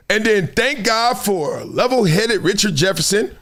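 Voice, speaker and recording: Animated high-voiced man riffing on sports. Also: a little slow, few pauses. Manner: animated, acts out quotes in other voices, laughs often. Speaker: sports commentary host. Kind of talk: animated solo sports commentary.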